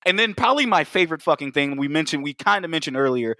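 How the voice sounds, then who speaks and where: Bright, lively-voiced profane podcast host. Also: male voice, a little high, quick pace, no echo, studio quality. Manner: profane, animated storytelling with acted-out quotes. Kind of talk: casual podcast chat.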